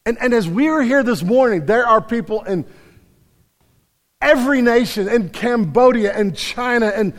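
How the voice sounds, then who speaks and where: A male pastor preaching a sermon, emphatic, swinging between loud declarations and quiet stretches. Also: extremely high pitch, moderate pace, big-room sound. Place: church sanctuary.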